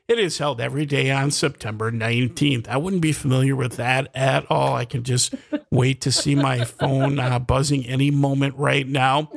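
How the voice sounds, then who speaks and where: A man's voice: mid-range voice, creaky, a bit bright. A man co-hosting a morning radio show, reading announcements and laughing along in easygoing banter. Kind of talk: casual on-air banter.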